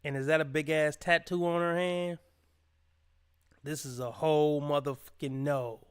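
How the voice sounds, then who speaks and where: A man's voice: a little high, fairly even intonation, normal speed, smooth. A man commenting on a clip during a livestream, blunt and profane, mocking people by quoting them.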